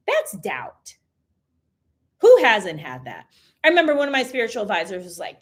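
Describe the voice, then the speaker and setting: A woman's voice: a little high, normal speed. A woman talking casually and emphatically on a livestream, addressing her viewers directly as host. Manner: chatty, emphatic, animated.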